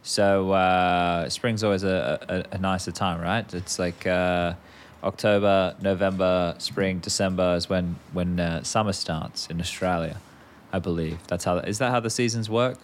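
A man's voice: sits low, steady tone, a little slow, hardly any pauses, a little hiss or hum. A man co-hosting a podcast, chatting casually and rambling with offhand swearing. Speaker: podcast co-host. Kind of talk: casual chat.

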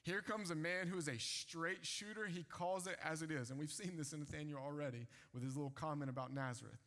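A man's voice: on the high side, a little fast, a bit bright. Guy preaching, retells the bible in plain everyday talk, voice rings out in a big hall. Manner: casual retelling of scripture in everyday speech. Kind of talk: sermon. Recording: long hall reverb.

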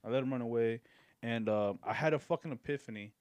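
A young man spins a long, loose anecdote on a podcast, full of cursing and restarts, laughing at his own story. His voice sits at an ordinary pitch and the sound is close and dry with no room echo. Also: fast, a little mellow. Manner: rambling, profane, laughs mid-story. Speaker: podcast guest. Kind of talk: casual storytelling.

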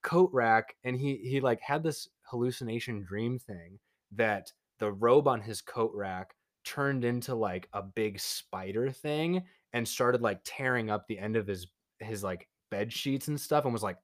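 A young man casually telling a story to a friend, rambling with many fillers and acting out quotes in an animated way. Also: lowish voice, unhurried. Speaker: podcast co-host.

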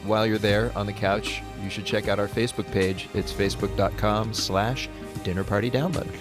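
A man's voice: lowish voice, steady tone, moderate pace, music in the background. A man hosting an interview show who asks questions and makes wry jokes. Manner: wry, joking. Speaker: radio show host.

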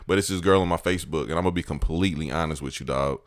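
A man co-hosting a casual podcast chat, an animated storyteller full of slang. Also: extremely low pitch, very fast, no room sound. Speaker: podcast co-host.

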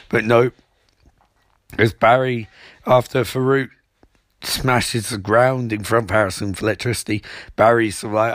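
A young man recapping a TV episode in a mocking, rambling way, tossing off quick impressions of the characters. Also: medium pitch, steady tone, no room sound, clean studio sound. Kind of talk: sarcastic comedic episode recap.

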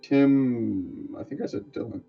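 A man's voice: mid-range voice, measured pace, gravelly, husky, soft background music. Laid-back man on a dull lo-fi mic. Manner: laid-back, short replies. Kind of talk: casual podcast chat.

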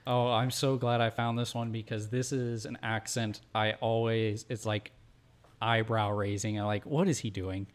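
A man's voice: lowish voice, completely flat delivery, unhurried, smooth. Hesitant man in casual chat. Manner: hesitant, many ums. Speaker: podcast co-host.

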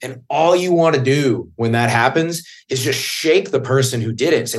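A man's voice: a little high, normal speed, hardly any pauses. A man in casual podcast talk, blunt and swearing, who gets heated when he acts out what he said back then. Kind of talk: casual chat.

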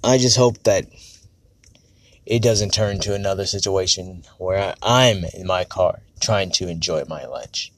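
A man with a low voice speaks at a measured pace in a casual podcast monologue, venting candidly while on edge. He swears frequently and keeps correcting himself. The recording is dry.

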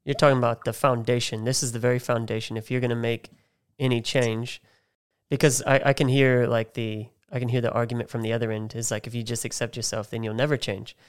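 A man's voice: medium pitch, level tone, brisk, clear, resonant tone. A man hosting a podcast interview, affirming and summarizing his guest's points. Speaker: podcast host. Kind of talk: casual interview chat.

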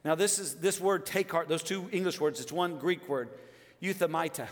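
A man in his fifties preaching a sermon as pastor, swinging between loud exclamations and hushed emphasis. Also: on the high side, moderate pace. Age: 50s. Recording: long hall reverb.

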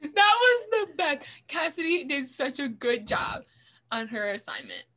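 A woman's voice: high voice, very animated, measured pace, sharp tone. A young woman in college chatting casually, teasing her friend and laughing constantly. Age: young adult. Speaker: podcast co-host. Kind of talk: casual chat.

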